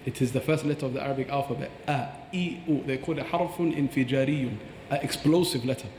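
A man's voice: mid-range voice, fast talker, a little mellow, slight background noise. A man explaining Quran recitation on a podcast, breaking into recited Arabic phrases as he teaches. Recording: echoey hall with long reverb.

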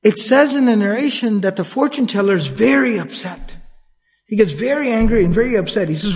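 A man giving a conversational religious lecture in a casual, chatty way, breaking into quick Arabic recitation, recorded in a reverberant hall. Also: high-pitched, animated. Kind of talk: conversational Islamic storytelling lecture.

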